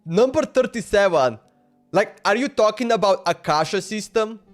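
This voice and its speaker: A talkative male streamer on a live stream, chatting loosely with his viewers in broken English. His voice is high for a man, and he laughs often. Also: expressive, moderate pace, faint music behind. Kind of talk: casual live-stream chat.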